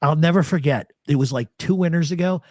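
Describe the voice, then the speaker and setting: A man's voice: fairly high pitch, fast talker, dry recording, studio quality. A man hosting a live talk show, telling stories in casual chat and acting out the voices of people he quotes. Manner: animated storyteller, acts out quoted voices.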